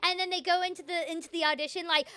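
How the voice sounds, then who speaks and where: A woman from the United States hosting a casual chat with a guest, animated and emphatic, quick to agree. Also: very high-pitched. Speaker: host, voice actor.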